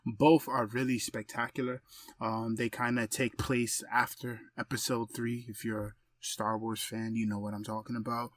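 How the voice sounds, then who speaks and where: A man's voice: medium pitch, flat delivery, normal speed, a bit bright, no room sound. A man co-hosting a podcast in casual chat, eagerly recommending what he likes. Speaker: podcast co-host.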